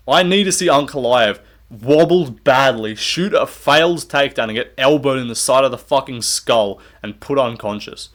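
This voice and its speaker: A man's voice: medium pitch, fairly bright tone. Young man ranting, sarcastic and profane. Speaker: MMA commentator. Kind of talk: ranting fight-prediction vlog.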